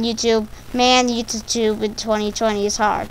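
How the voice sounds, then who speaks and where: A woman's voice: fairly high pitch, little pitch movement, normal speed, few pauses, rough recording. A woman rambling through a silly, stumbling casual monologue for her video channel. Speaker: video creator.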